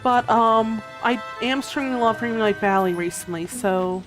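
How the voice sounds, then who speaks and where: A woman streamer chatting casually while she plays a game, meandering and hesitant, often dropping to a soft murmur as she focuses. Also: a little high, moderate pace. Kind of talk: casual gameplay commentary. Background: game music.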